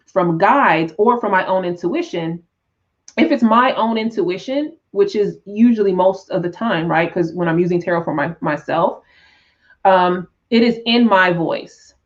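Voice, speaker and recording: A woman teaching tarot on a live stream, talking in an unhurried, reflective way with frequent restarts and "right?" check-ins. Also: on the low side, dull audio. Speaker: tarot teacher and spiritual coach.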